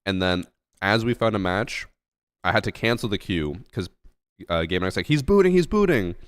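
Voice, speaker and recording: A man's voice: low-pitched, normal speed, fairly bright tone, smooth, no room sound. A man streaming a game and chatting casually with friends, teasing and laid-back. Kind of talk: casual gaming chat.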